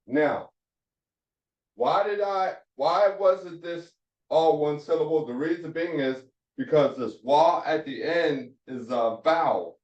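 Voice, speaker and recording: A man teaching a Hebrew phonics lesson, slowly repeating and drilling each syllable. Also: fairly high pitch, animated, a little mellow. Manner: slow, repetitive drilling of syllables. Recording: roomy, distant, dull lo-fi sound.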